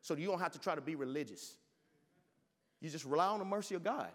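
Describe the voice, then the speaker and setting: A male pastor delivering an impassioned sermon, his voice a bit high for a man. He often stumbles and restarts his words. A long reverb trails each line, as in a large hall. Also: lively intonation, fast. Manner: impassioned storytelling preacher with repeated restarts.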